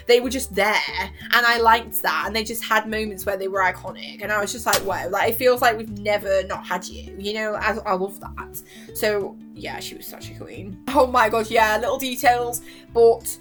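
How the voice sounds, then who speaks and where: A young woman talks in an excited, casual way, gushing and acting out little quotes between laughs. Her voice sits at an ordinary middle pitch, and faint music plays softly underneath. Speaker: YouTuber reviewing a TV series.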